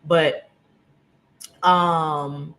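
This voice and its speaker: A woman hosting a livestream, telling a story in casual slang with lively, animated delivery on a computer's built-in mic. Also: low-pitched, drawn-out words, low-quality recording. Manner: slangy, animated, talks loudly at times. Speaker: livestream host. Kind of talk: casual storytelling to a live audience. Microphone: computer's internal mic.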